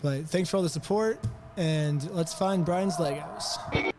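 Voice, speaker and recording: A sick man talking to the camera in a weak, quiet, near-whispered voice, making a pointed, argumentative commentary. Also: a little high, a little slow, over music. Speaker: video creator.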